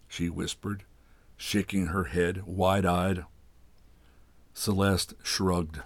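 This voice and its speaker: A man hosting a program where he reads a literary short story aloud, in unhurried, measured narration. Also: low voice, little pitch movement, no echo. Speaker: host reading stories aloud.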